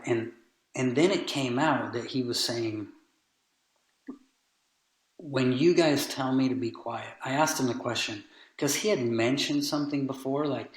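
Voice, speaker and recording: A man's voice: mid-range voice, unhurried. Earnest man in a roomy space. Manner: earnest storytelling, animated retellings. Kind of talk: casual conversation. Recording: roomy echo.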